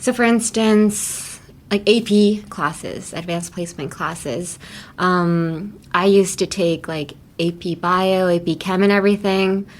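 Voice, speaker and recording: A young adult woman hosting a casual English lesson podcast, chatty and laughing often as she slowly models phrases. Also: on the low side. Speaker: English teacher host.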